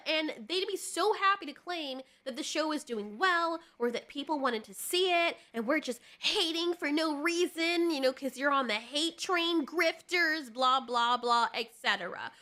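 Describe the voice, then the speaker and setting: A woman's voice: high voice, bright, forceful tone. A woman giving passionate, sarcastic commentary on TV shows, in the manner of a video essay. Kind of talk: opinionated commentary.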